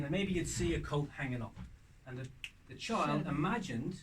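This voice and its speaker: A man doing stand-up comedy, animated, with bursts of loud shouting when acting out scenes. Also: fairly high pitch, moderate pace. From Ireland. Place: castle room with live audience. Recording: distant mic, audience noise.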